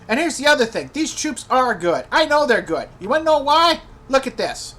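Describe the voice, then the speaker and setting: A man's voice: high voice, sing-song, moderate pace, bright, forceful tone. A man playing a fantasy role-playing game and commenting in character, ranting indignantly and repeating his complaints. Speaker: video game let's player.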